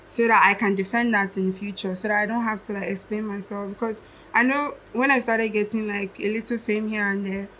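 A woman's voice: mid-range voice, steady tone, fairly quick, fairly bright tone, a little hiss or hum, poor audio. A young adult woman, a musician and guest on a podcast, talking in a reflective, casual way and thinking aloud as she goes.

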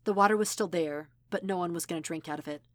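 Woman narrator, measured audiobook read, low voice, dry sound. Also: no echo. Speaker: audiobook reader. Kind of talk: audiobook narration of fan fiction.

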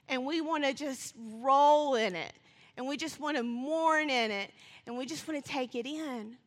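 A woman preaching, her voice bright and forceful. She talks fast and builds to passionate appeals. Her words ring with a long reverb in a church hall. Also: high voice. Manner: fast-talking, rising to passionate calls. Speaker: church speaker. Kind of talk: sermon with scripture reading.

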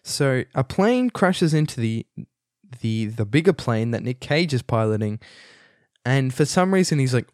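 A young man rambles through a casual film review, amused and loose, with plenty of fillers and false starts. His voice sits at an ordinary middle pitch. The sound is close and dry, with no room around it. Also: sing-song, unhurried, darkish tone, dry recording. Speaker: movie reviewer.

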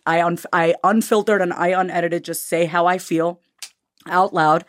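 A woman's voice: lowish voice, moderate pace, no room sound, studio quality. A woman in an interview, speaking candidly and animatedly about her own life and her upcoming book. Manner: animated, candid, acts out voices. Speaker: guest author. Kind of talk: conversational interview.

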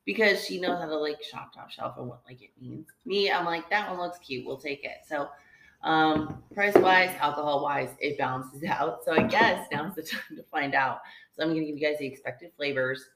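A woman's voice: low voice, moderate pace, a bit bright, a little hiss or hum. A young woman co-hosting a casual wine-tasting podcast chat, joking and laughing often. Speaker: podcast co-host. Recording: echoey room.

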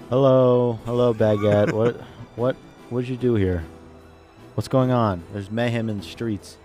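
A man playing his character in a tabletop game, trading quick, exasperated banter. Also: mid-range voice, steady tone, dark tone, faint music behind. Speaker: player. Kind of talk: in-character tabletop role-play.

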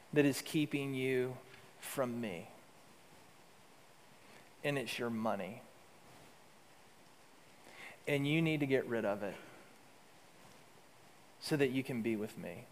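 A man preaching a sermon as pastor, rising to emphatic lines and dropping to soft, low asides. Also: in a large hall.

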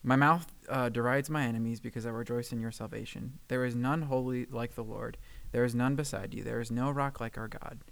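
Guy with a raspy low-ish voice reading bible verses then explaining them, earnest, says um a lot. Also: steady tone, brisk, few pauses, a bit bright, poor audio. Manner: earnest, reads with small stumbles and fillers. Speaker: podcast co-host.

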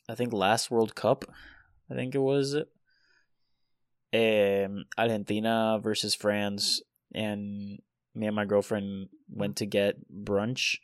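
Man telling stories slowly. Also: lowish voice, no echo, clean studio sound. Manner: slow, drawn-out storytelling with fillers. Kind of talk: casual chat.

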